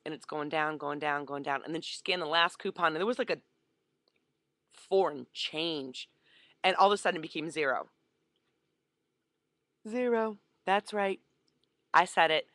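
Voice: medium pitch, pushed and bright, no room sound. A vlogger telling a story casually into a webcam, acting out the voices of the people in it.

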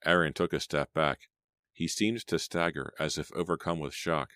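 A man narrating an audiobook in a steady, measured reading style. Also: rumbling low, no room sound, studio quality. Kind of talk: scripted storybook narration.

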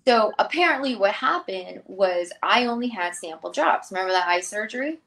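Woman guest, 30s, lively storyteller, does the voices of the people she quotes. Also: mid-range voice, normal speed, vocal fry. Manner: animated, acts out quoted voices. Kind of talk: casual interview storytelling.

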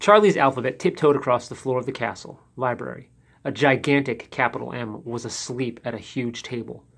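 Expressive man reading a picture book. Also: medium pitch, brisk, gravelly, husky. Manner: lively, expressive read-aloud. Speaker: storyteller.

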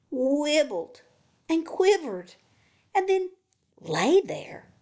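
A woman librarian reads a children's picture book aloud. She takes her time and tells the story gently and expressively. Her voice sits fairly high, with wide swings in pitch and a light gravelly texture.

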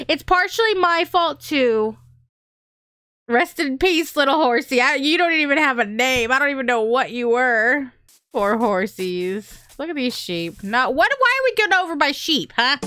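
A woman hosting a gaming channel, chatting casually and excitably through gameplay, often squealing and laughing. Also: sits high, no room sound, studio quality.

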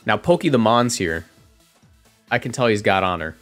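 A man giving casual, chatty commentary on his own competitive matches from a home streaming setup, often correcting himself and reacting out loud. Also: lowish voice, animated, normal speed, faint music behind.

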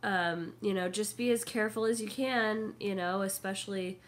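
A woman's voice: mid-range voice, moderate pace. A young woman vlogger, sick and throaty, chatting casually and rambling with lots of fillers. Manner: rambling, full of fillers and hesitations. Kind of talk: casual chat.

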